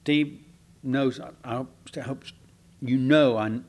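A man's voice: mid-range voice, steady tone, slow. A man preaching a conversational sermon, folksy and chatty, asking the congregation questions and restarting his sentences. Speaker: pastor.

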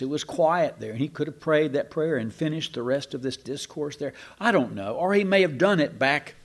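A man teaching the Bible in a relaxed, conversational way, musing aloud and leaning hard on key words. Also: mid-range voice.

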